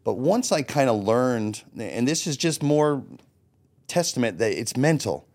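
A man's voice: medium pitch, very animated, unhurried, darkish tone. A man in his forties telling his own story as a podcast guest, blunt and profane, acting out his past thoughts as quotes. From Florida. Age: 40s. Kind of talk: candid personal storytelling.

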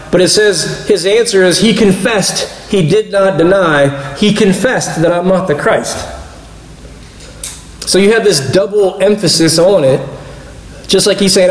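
A man with a fairly high voice preaches in a relaxed, conversational way, stopping to explain and slipping into little acted-out exchanges. The sound carries a noticeable echo from the room around him. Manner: conversational, explanatory, acts out quoted dialogue. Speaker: pastor teaching a Bible study. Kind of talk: casual sermon.

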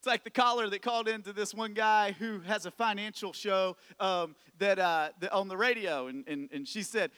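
High, bright-voiced pastor preaching in a hall. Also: male voice, moderate pace, hardly any pauses, clear, resonant tone. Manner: conversational preaching with rhetorical questions and repetition. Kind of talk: sermon.

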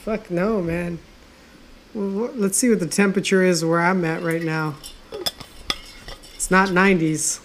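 A man's voice: sits high, fairly even intonation, measured pace, pauses often, a bit bright, a little hiss or hum. A man co-hosting a casual podcast chat, laid-back and slangy, swearing easily. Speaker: podcast co-host.

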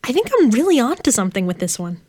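An actress playing a curious young librarian who keeps lists of creatures, speaking eagerly and persistently. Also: female voice, fairly high pitch, big pitch swings, quick pace, mellow. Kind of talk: audio drama dialogue.

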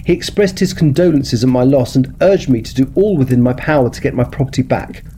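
A man reading the part of an indignant Victorian gentleman who demands to know what will be done about his stolen property. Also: medium pitch, brisk, slight background noise, close to an everyday voice. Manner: scolding, demanding.

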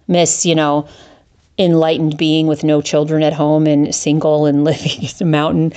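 A middle-aged woman hosting a solo podcast, candid and profane, with her voice jumping up high when she rants in exasperation. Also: normal speed, a little mellow. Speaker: podcast host.

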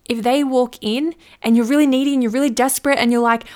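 A woman's voice: high voice, fairly even intonation, fast talker, a little mellow. A woman hosting a solo business podcast, chatty and playful, acting out little scenes as she gives advice. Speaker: podcast host, business coach.

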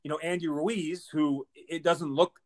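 A man in his thirties with a Wisconsin Midwest accent, hosting a podcast with enthusiasm, talking fast and using lots of fillers like "man" and "you know". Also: a little high, steady tone. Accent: Wisconsin Midwest American. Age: 30s. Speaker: podcast host. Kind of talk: podcast intro and interview.

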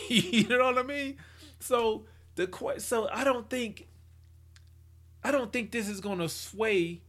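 A man's voice: sits high, a bit bright. Rambling man talking casually. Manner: rambling, many restarts and hypotheticals; acts out quoted people in his voice. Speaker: commentator reacting to a photo project. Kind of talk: casual spoken commentary.

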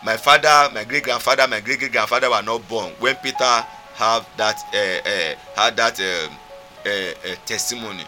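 A man's voice: lowish voice, normal speed, pushed and bright, faint music behind. A man with a Nigerian accent preaching a sermon, fervent and emphatic, repeating his points.

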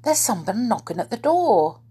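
A woman's voice: a little high, big pitch swings, moderate pace, warm tone, breathy edge, pitched above the performer's own voice, full character voice. A woman reading aloud, voicing a jolly, round-faced magical man in a storybook. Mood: eager.

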